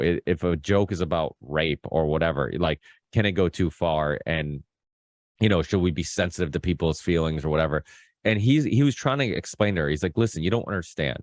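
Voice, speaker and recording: Man, podcast host, very low voice, dry close sound, rambling, lots of restarts. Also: no room sound. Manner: rambling, full of fillers and restarts, swears freely. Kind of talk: casual podcast chat.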